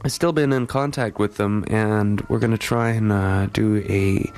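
A man's voice: fairly low pitch, fairly even intonation, measured pace, a little mellow. A man hosting a morning show in a radio studio, casually back-announcing songs with lots of fillers. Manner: laid-back, rambling with many fillers. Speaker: radio host.

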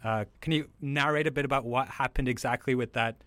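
A man's voice: mid-range voice, fairly even intonation, fairly quick, fairly bright tone, dry recording. A man from South Africa asking interview questions politely and with some hesitation.

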